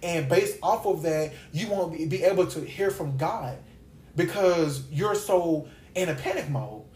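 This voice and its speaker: A man's voice: a little high, a little slow, darkish tone, a little hiss or hum. A man hosting a Bible study podcast, preaching in a casual, conversational way and repeating phrases for emphasis. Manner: conversational, with slangy asides. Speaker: podcast host and Bible teacher. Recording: roomy echo.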